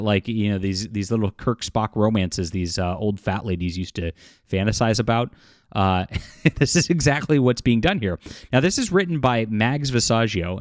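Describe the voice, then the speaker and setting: A man talking through a casual commentary vlog in a low voice. He halts often, restarts his sentences, and scatters derisive chuckles. The recording is dry and close, with no room sound. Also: no room sound. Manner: halting, full of fillers and restarts, derisive chuckles.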